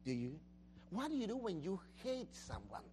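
A woman pastor preaching a sermon, questioning the congregation and shouting out the master's praise. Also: lowish voice, big pitch swings, normal speed, a little hiss or hum.

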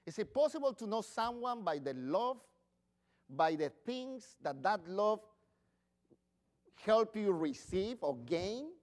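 A middle-aged man preaches a sermon in a notably high voice that rises and falls with feeling. He talks conversationally to the congregation, asks them questions and makes small grammar slips. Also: very animated, takes it slowly, pauses often. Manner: non-native English with grammar slips. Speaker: pastor.

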